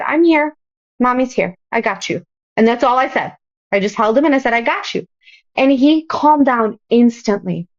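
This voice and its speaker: A woman in her thirties with a somewhat high voice talks openly and earnestly, giving advice as a podcast guest. The audio is a little dull and lo-fi. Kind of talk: casual podcast chat.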